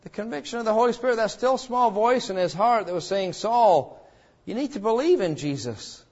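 A man's voice: high voice, expressive, normal speed, lo-fi sound. A man preaching a sermon as pastor, earnest and pleading, asking his listeners direct questions.

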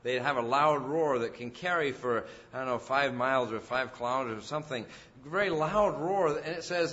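A man preaching a sermon as a pastor, rising loud and emphatic on key phrases. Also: mid-range voice, moderate pace, few pauses, muffled recording.

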